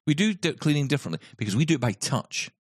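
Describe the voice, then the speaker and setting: A man hosting a podcast in casual chat, playful and jokey with quick asides. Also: fairly high pitch, very animated, no room sound, clean studio sound. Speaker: podcast host.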